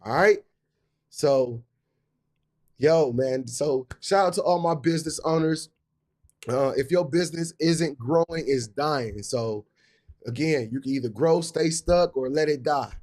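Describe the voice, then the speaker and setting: A man's voice: on the high side, a little slow, a little mellow. A man hosting a live business stream, talking in a hyped, repetitive way with casual slang. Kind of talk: motivational live talk.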